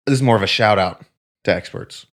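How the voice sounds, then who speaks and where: A man's voice: fairly low pitch, brisk, a bit bright. A man in casual podcast chat, telling rambling stories and swearing freely. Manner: profane, rambling storyteller. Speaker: podcast co-host.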